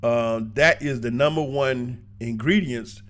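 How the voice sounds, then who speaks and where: A man casually telling stories and giving advice to his viewers, colloquial and animated, laughing often as he talks. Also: medium pitch, unhurried. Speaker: vlogger giving travel advice. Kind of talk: casual storytelling monologue.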